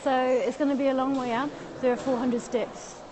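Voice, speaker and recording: A woman's voice: sits high, fairly even intonation, moderate pace. A woman hosting a phone live stream, chatting and answering viewer comments as she walks and climbs stairs. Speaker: livestream host. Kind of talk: casual live-stream chat. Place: outdoors then climbing a stone stairwell. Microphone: phone held in hand. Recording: noisy street and stairwell sound.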